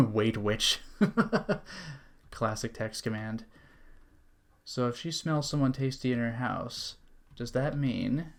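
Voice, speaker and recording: A man's voice: mid-range voice, animated, slow pace, pauses often. Chatty wry man streaming a game. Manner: chatty, wry, reads game text aloud. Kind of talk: casual gameplay commentary.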